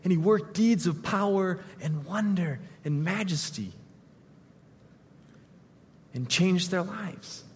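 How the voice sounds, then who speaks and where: A man preaching a sermon as pastor, retelling scenes vividly and swinging from loud to hushed. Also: high-pitched, slow pace, pauses often, breathy edge, long reverb tail.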